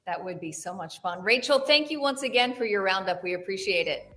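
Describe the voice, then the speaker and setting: A woman's voice: medium pitch, expressive, brisk, a bit bright, faint music behind. A woman hosting a news show, chatting in a friendly, conversational way with a correspondent. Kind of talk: casual news chat.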